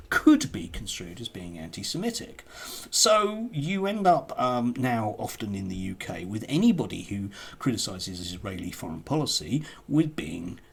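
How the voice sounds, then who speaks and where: A man's voice: mid-range voice, gravelly, fairly bright tone, breathy edge. A man commenting casually on a news article he reads aloud, with sarcastic asides and many hesitant fillers and restarts.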